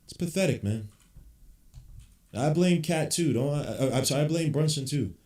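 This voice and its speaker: His voice sits on the high side, expressive and darkish, at a normal speed. He hosts a basketball podcast, reacting live to the game with blunt, frustrated rants and casual swearing, recorded with a roomy echo.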